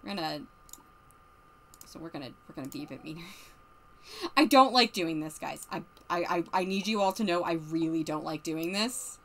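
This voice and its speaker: A woman's voice: low-pitched, lively intonation, moderate pace, long pauses, slight background noise. A woman streamer giving casual, chatty let's-play commentary and narrating her game characters.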